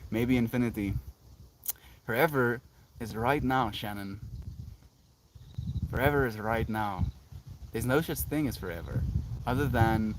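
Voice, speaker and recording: A man's voice: medium pitch, measured pace, long pauses, a little hiss or hum. A South African man musing dreamily as a live streamer, reading chat comments and laughing often.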